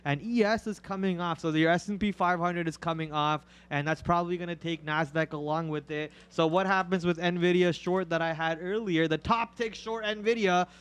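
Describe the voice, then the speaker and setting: A joking, bantering man co-hosting a live trading show, chatting casually about the market. His voice sits a bit higher than most men's. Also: a bit bright, clean tone. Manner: joking, bantering, quick asides. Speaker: trading stream co-host.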